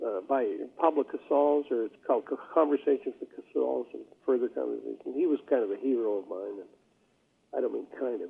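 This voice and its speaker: An older man reminisces at an easy, wandering pace, full of fillers and restarts. His voice is gravelly and a bit husky. The sound comes through a thin, phone-like line. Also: medium pitch. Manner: rambling storyteller with many fillers. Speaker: jazz bassist, guest. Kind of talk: casual interview talk.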